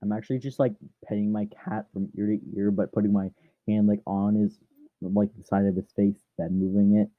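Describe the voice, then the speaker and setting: A man's voice: on the low side, flat delivery, fairly quick, dry recording. A man hosting his channel, casually narrating a story while getting distracted, swearing at and teasing his cat at home. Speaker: channel host. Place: home room. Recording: dry, tinny phone-like sound.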